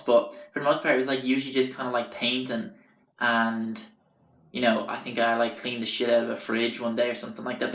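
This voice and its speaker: A man's voice: medium pitch, fairly bright tone, roomy sound, dull audio. An Irish man hosting a podcast, telling stories in a rambling, casual way and swearing freely. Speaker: podcast host. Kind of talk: casual storytelling.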